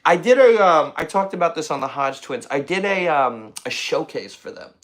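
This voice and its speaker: A man's voice: on the high side, animated, normal speed, a bit bright, slight background noise. A man hosting a comedy podcast, rambling and boastful, repeating himself as he riffs. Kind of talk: casual comedy podcast chat.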